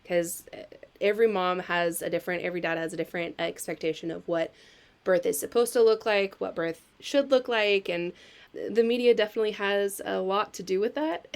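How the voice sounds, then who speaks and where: A woman's voice: medium pitch, fairly even intonation, normal speed, creaky, clean tone. A woman who is a doula and hosts a podcast, giving a friendly intro and then asking loose, casual questions.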